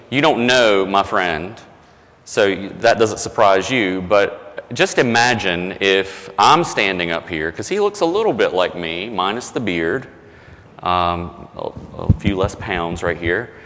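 A man's voice: on the low side, a bit bright, long reverb tail. A male pastor delivering a sermon in a conversational, self-deprecating storytelling way, with frequent restarts.

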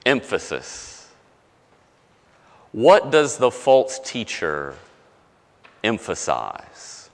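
A man preaching a conversational sermon as pastor, often dropping low and soft to stress a point. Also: big pitch swings, a little slow, in a large hall.

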